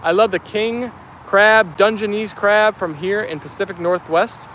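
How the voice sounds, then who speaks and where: A man's voice: sits high, unhurried, a bit bright, slight background noise. Upbeat young man with New York Italian accent. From New Jersey. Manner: chatty, upbeat, many fillers. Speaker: vlogger reading live chat. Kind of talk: casual chat reading comments aloud.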